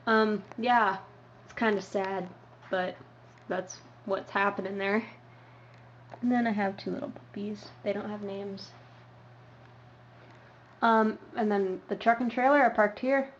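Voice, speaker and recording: A young woman walks through her hobby setup in a slow, meandering way, filling pauses with ums and uhs. The audio is dull and lo-fi, with a faint hiss behind her voice. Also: mid-range voice, steady tone. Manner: rambling with many ums and uhs. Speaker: model horse hobby vlogger. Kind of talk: casual show-and-tell tour.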